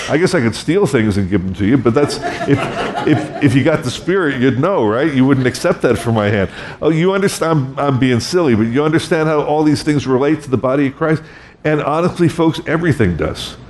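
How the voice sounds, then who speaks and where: A man's voice: medium pitch, darkish tone. A middle-aged man preaching a sermon, conversational and self-deprecating, acting out quoted voices. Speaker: pastor.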